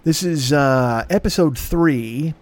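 A man's voice: fairly high pitch, slow pace. A man hosting a podcast, chatting casually and riffing on tangents with crude, jokey humor. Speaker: podcast host. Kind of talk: casual, rambling promo chat.

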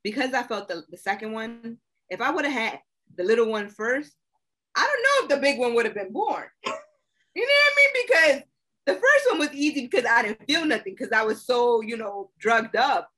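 A woman in casual chat with a bright, husky voice that rises and falls a lot. She talks in slangy, emphatic bursts, repeating lines to drive them home. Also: a little high, lively intonation, normal speed. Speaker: co-host.

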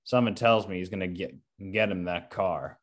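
A man in casual film discussion, animated and acting out quotes from scenes. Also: deep voice, fairly quick. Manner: animated, acts out movie quotes. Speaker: co-host discussing films.

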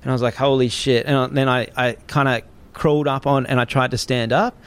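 Animated Australian man telling a story. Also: medium pitch, quick pace, smooth. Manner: animated, swears freely, acts out the people in his story. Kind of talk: casual storytelling on a podcast.

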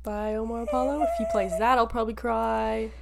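A woman in her twenties co-hosting a podcast in casual chat, animated and laughing often, swearing freely. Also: fairly high pitch, fairly quick, vocal fry, crowd noise. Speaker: podcast co-host.

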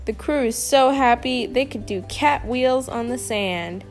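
A woman reading a children's picture book aloud, slowly and expressively. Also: a little high, faint music behind. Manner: slow, expressive reading with lively character lines. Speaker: storybook reader.

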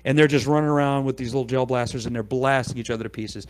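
A middle-aged man talking on a podcast, telling an animated story. He acts out the people he quotes as he goes. His pitch sits in the middle for a man. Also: fast. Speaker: podcast guest. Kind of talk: casual storytelling chat.

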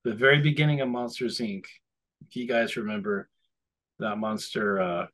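A man co-hosting a podcast, rambling in casual chat and slipping into animated voices when he quotes people. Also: lowish voice, normal speed. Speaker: podcast co-host.

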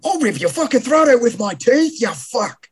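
A podcast host putting on a high, shouting impression of a foul-mouthed, furious celebrity chef. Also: sing-song, normal speed, breathy edge. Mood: ranting. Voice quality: shouting, profane.

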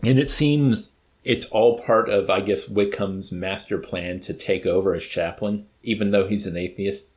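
A man's voice: lowish voice, a little slow, a little mellow. A man reading a novel aloud expressively, then talking it over with a co-host. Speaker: reader and co-host. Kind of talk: audiobook reading and book discussion.

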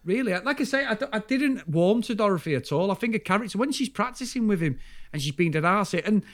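Male podcast co-host, fairly high and very lively, animated and sweary storyteller. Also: quick pace. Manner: animated, swears freely, tells school anecdotes. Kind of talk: casual film review chat.

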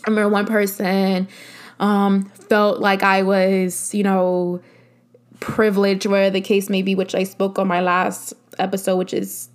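A woman's voice: mid-range voice, completely flat delivery, unhurried, clean tone. A young adult woman hosting her own podcast, speaking in an earnest, emphatic way and repeating phrases to stress a point. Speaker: podcast host. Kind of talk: casual solo podcast talk.

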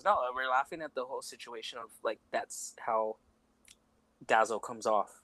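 A man's voice: on the high side, moderate pace, a bit bright, no echo. A man co-hosting a podcast, chatting casually in a rambling way, full of "like" and "you know". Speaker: podcast co-host. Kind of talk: casual chat.

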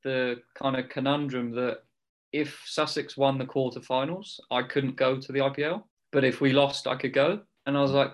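A young man in his twenties talks easily as a podcast guest. He rambles through stories with plenty of "kind of" and "like", and his voice sits at a middling pitch. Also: steady tone, normal speed. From England. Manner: chatty storyteller, loose with fillers like "kind of". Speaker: guest cricketer. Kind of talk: casual podcast chat.

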